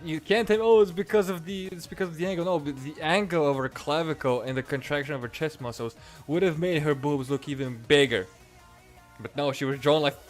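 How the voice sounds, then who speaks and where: A man reviewing comics in a profane, exasperated and sarcastic rant. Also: medium pitch.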